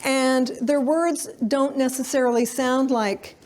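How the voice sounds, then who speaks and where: A woman's voice: high-pitched, steady tone, takes it slowly, a little mellow. A middle-aged woman giving a live parenting lecture to an audience, speaking conversationally with frequent fillers and sometimes acting out what children say.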